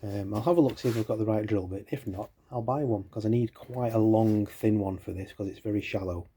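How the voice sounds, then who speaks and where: A man's voice: on the low side, fairly quick, mellow, a little hiss or hum. A man chatting casually while he works on a guitar build in his workshop, thinking aloud and poking fun at himself.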